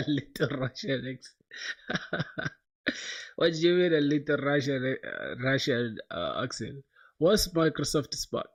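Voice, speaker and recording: A man's voice: medium pitch, big pitch swings, slow pace, pauses often. Slangy young man coding on stream. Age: young adult. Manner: loose, slangy, talks to chat, says bro a lot. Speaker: coding livestreamer. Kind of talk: casual livestream chat while coding.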